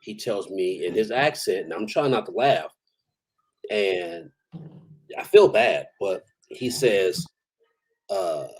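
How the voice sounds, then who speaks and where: A man's voice: on the low side, a little mellow, breathy edge, poor audio. A man, an army veteran, telling stories in a casual, profane, rambling way and chuckling now and then. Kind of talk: casual storytelling.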